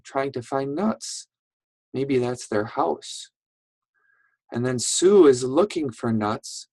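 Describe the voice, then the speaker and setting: A patient, encouraging teacher leads first graders through an online reading lesson at an unhurried pace, often praising them and checking in with "right?" and "okay?". The voice is middle-pitched and a little mellow, recorded dry and close with no room echo.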